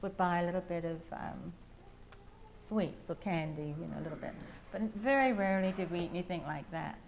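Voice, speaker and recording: An older woman with an English accent, sharing a meandering personal testimony with soft laughs. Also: on the low side, brisk, vocal fry, slight background noise. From England. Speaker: testimony speaker at a prayer house.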